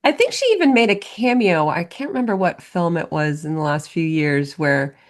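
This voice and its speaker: A woman co-hosting a podcast, chatting in a relaxed and wry way, often murmuring agreement. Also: fairly low pitch, normal speed. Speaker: podcast co-host. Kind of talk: casual chat.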